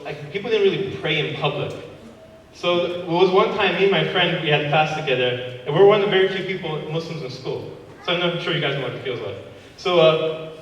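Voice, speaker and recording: A man's voice: fairly high pitch, fairly bright tone, muffled recording, a little hiss or hum. A man in his thirties doing a stand-up comedy set, working the crowd and acting out voices and sound effects. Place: large hall before a live audience. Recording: echoey hall recorded from far off.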